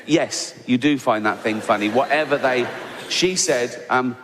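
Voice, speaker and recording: A middle-aged man with an English accent doing a stand-up comedy routine, telling a story with sarcastic, incredulous mock outrage and squeaky asides. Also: slow, long pauses, pushed and bright, slight background noise. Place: large theatre stage. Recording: live theatre with long reverb and audience.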